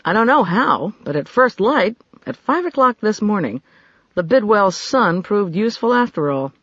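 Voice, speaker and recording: Fretful, eager young-sounding assistant, higher voice, voiced by a male narrator, dull audiobook audio. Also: big pitch swings, moderate pace, a bit bright, no echo, full character voice. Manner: eager, irritable, questioning.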